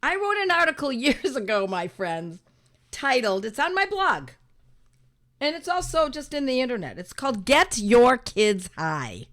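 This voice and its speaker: A woman's voice: sits high, big pitch swings, unhurried, fairly bright tone. A middle-aged woman talking emphatically to her viewers as host, mimicking other people's worries with exasperated asides. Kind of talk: casual monologue to viewers.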